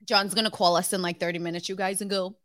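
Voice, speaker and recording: A woman's voice: medium pitch, flat delivery, quick pace, fairly bright tone, no echo. A woman co-hosting a podcast, chatting bubbly and crude with her friends. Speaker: podcast co-host. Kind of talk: casual podcast chat.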